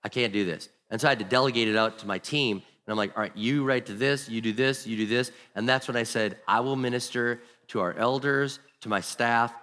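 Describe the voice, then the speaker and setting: A male pastor preaches with a bright, forceful voice, earnest and emphatic, stacking repeated phrases as he tells a story. His voice rings out with a long reverb, as in a large church hall. He sits at an ordinary middle pitch. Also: brisk, hardly any pauses. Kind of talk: sermon to church leaders.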